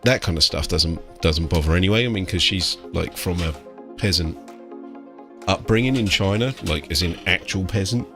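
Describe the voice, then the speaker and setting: A man's voice: low-pitched, normal speed, music in the background. A British man who paints miniatures chats casually on a live stream, ranting and swearing, with "like" and "mate" in every sentence.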